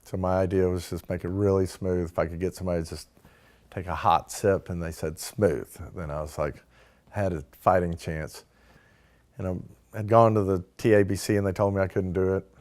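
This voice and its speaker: A man with a very low voice tells a long, casual story about starting his business. He acts out the people in it in quick bits of dialogue and fills the gaps with "like" and "you know.". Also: steady tone, darkish tone. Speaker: distillery founder telling his start-up story.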